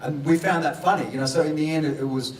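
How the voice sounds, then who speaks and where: A man, an actor speaking in a relaxed, good-humoured and rambling way at a press conference. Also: fairly high pitch, fast, a little hiss or hum. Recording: roomy hall, distant mic.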